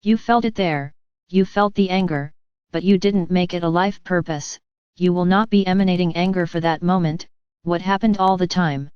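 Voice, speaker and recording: A woman delivering a channeled spiritual message, speaking gently and patiently to her listeners. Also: lowish voice, steady tone, normal speed, clean tone, no echo, dull audio. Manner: gentle, patient, addresses listeners as dear ones.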